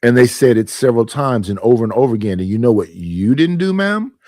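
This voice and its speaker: A man's voice: medium pitch, expressive, quick pace, a little mellow, no echo, studio quality. A man hosting his own stream, arguing his points emphatically and repeating them in a casual monologue. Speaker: streamer and panel host.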